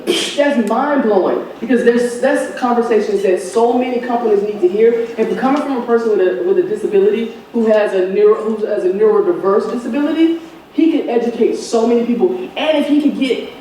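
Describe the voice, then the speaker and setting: A woman's voice: a little high, a little mellow. A woman conference speaker answering audience questions, impassioned, with frequent restarts and fillers. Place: conference hall. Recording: echoey conference hall from far off with background hiss.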